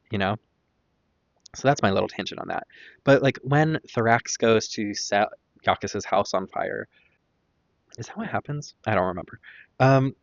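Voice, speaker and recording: A man's voice: medium pitch, no room sound, lo-fi sound. A man hosting a casual podcast, rambling and opinionated with lots of fillers and tangents. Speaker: podcast host. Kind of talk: casual stream-of-consciousness commentary.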